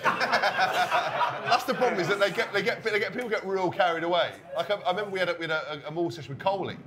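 Male co-host, live stage storyteller, animated and sweary, quick delivery, a touch high. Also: a crowd in the background. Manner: animated, swearing, acts out quotes. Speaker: podcast co-host. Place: stage in front of a live audience.

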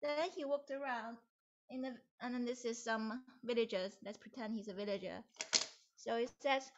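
A woman teacher narrating a puppet story for children over a video call, in an animated, playful way. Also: on the high side, normal speed, highs cut off, a little hiss or hum. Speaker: music teacher.

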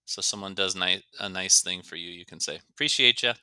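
A man's voice: low voice, level tone, pushed and bright, clear, resonant tone, no echo. A man teaching an English lesson, explaining grammar and carefully stretching out words to show their pronunciation. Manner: slow, careful, demonstrates words by stretching them out.

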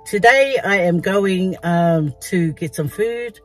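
A woman's voice: on the low side, slow pace, faint music behind, poor audio. An older woman chatting casually to her vlog while sitting in a car, laughing often and dropping words into her English. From Samoa. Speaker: vlogger.

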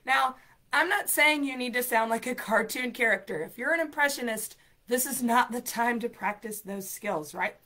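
A woman's voice: on the high side, moderate pace, pushed and bright. Upbeat chatty woman giving exam tips. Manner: upbeat, chatty, emphatic, filler-heavy. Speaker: ESL program coordinator and show host. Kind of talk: live-streamed exam tips talk.

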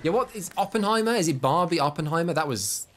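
Here the same West Midlands streamer sounds a little higher and a bit bright, talking fast and with plenty of animation over slight background noise. He stays casual and self-deprecating, reading chat to his viewers between game reactions on the live stream.

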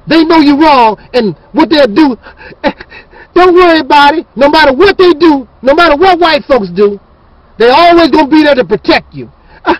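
A man's voice: extremely high pitch, no echo, lo-fi sound. A man hosting his channel, ranting in a fiery, preachy and scornful monologue. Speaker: channel host.

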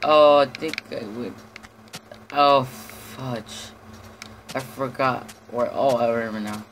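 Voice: medium pitch, fairly even intonation, slow pace, a little hiss or hum. A gamer giving casual, jumpy commentary on his own play, with lots of swearing, panicked yelps and idle humming. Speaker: lets-play host.

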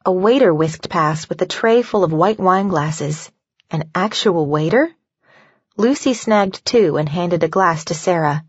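A woman narrating an audiobook in an even, measured reading. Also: fairly low pitch, breathy edge, dry recording, highs cut off. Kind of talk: scripted narration.

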